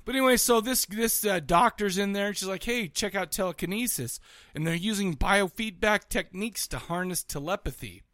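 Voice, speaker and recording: A man's voice: sits high, a little fast, few pauses, no room sound. A man co-hosting a podcast, recapping a movie in a loose, jokey chat and often slipping into silly voices for the characters. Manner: animated, jokey, acts out characters in quotes. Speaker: podcast co-host.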